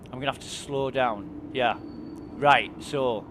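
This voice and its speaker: A man's voice: medium pitch, a little slow, background noise. A man chatting casually and enthusiastically while streaming a game, swearing freely. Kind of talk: casual chat while gaming.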